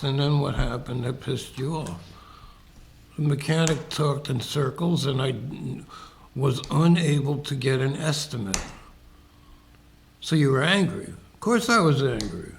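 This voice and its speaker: A man's voice: mid-range voice, animated, measured pace, gravelly, slight background noise. A man co-hosting a casual podcast, talking reflectively and acting out little example exchanges. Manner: reflective, explains with examples and acted-out quotes. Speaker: podcast co-host.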